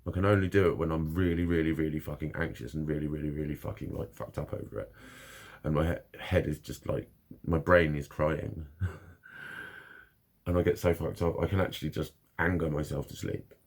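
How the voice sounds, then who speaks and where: A man's voice: rumbling low, steady tone, a little fast, vocal fry, a little mellow. A man talking frankly and bluntly in a casual monologue, swearing constantly as he opens up about his own experiences. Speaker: vlogger.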